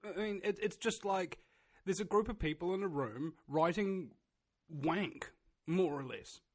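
A man's voice: high-pitched, unhurried, darkish tone. A man with a New Zealand accent in casual conversation, blunt and opinionated, often restarting his sentences.

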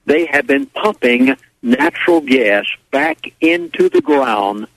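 A man's voice: a little high, wildly swooping pitch, slow pace, gravelly, fairly bright tone, no room sound, poor audio. Man, radio guest, folksy rambling storyteller, dry close sound. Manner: folksy, rambling, acts out quoted voices. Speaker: radio talk show guest. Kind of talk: casual radio interview storytelling.

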